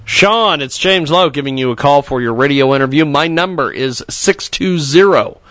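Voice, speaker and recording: A man's voice: a little high, expressive, normal speed, hardly any pauses, a bit bright, dry recording. A man hosting a casual radio talk show, rambling and joking to himself between segments.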